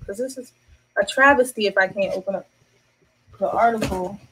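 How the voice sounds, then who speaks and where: A woman's voice: mid-range voice, brisk, breathy edge, rough recording. A young woman, talking to camera in a casual vlog and hammering her points home with repetition. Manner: animated, emphatic, repeats points to drive them home. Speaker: vlogger.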